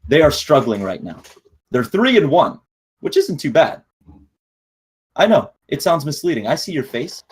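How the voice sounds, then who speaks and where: A man's voice: fairly high pitch, very animated, moderate pace, long pauses, husky. A man co-hosting a gaming podcast in casual chat, upbeat and joking, laughing easily between points. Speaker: podcast co-host.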